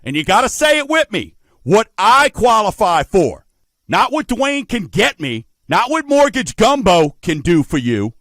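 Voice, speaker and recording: High-voiced New man, folksy host. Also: big pitch swings, measured pace, fairly bright tone, dry recording. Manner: folksy, addresses listeners as folks; emphatic rhetorical questions. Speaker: radio show host, mortgage lender. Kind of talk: radio talk show monologue.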